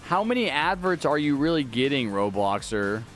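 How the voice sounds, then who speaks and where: A man's voice: medium pitch, very animated, moderate pace, a bit bright, faint music behind. A man live-streaming a video game, chatting casually, reading viewer messages aloud and thanking donors. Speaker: livestreaming gamer.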